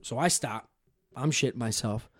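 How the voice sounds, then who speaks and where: A man's voice: medium pitch, normal speed, fairly bright tone, slightly rough, dry recording, studio quality. A man in his thirties telling profane, rambling stories on a podcast, often restarting his sentences. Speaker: podcast guest storyteller. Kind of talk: casual podcast chat.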